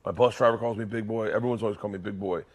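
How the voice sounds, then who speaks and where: A man's voice: lowish voice, steady tone, racing. A male comedian co-hosting a podcast, telling loose, profane anecdotes in casual chat.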